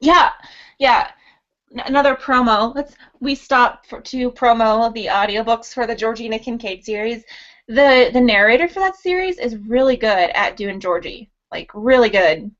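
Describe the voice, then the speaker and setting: A woman's voice: fairly high pitch, normal speed, a bit bright, highs cut off. Chatty woman book blogger on a call. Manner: chatty, giggly, repeats her guest's words. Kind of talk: casual video chat.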